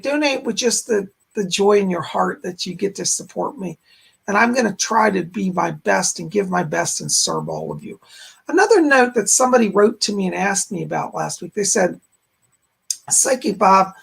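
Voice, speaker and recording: Hoarse, gravelly man on a live stream. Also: high-pitched, fairly bright tone. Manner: speaks straight to viewers, frequent throat clearing. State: hoarse, voice going out. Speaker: psychic medium host. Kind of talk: live-stream chat and guided meditation.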